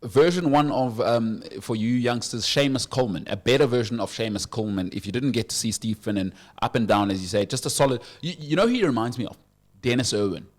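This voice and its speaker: A lively man hosting sports talk radio. His pitch sits in a middle register, and he jumps between topics with quick asides and playful banter.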